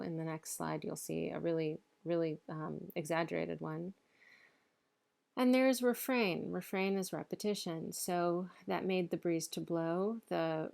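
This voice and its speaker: A woman delivers a recorded literature lecture, walking through slides and reading poetry aloud with a steady beat. Her voice sits low and has a gravelly edge. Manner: explanatory, reads verse aloud in rhythm.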